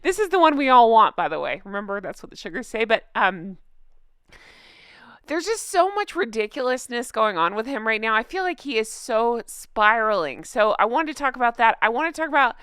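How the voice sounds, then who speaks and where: A woman's voice: fairly high pitch, very animated, brisk, fairly bright tone, clear, resonant tone, no room sound, studio quality. A woman hosting her own channel, chatting in a snarky, gossipy way and laughing often. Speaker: commentary channel host. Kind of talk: casual gossip commentary.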